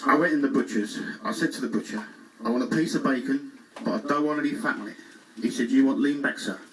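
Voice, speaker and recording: Audience laughter fills a cruise ship show lounge as an English man impersonates a classic comic, delivering bumbling one-liners and self-deprecating asides. He talks quickly at a medium pitch, sounding much like his everyday self, captured on a distant mic with faint noise.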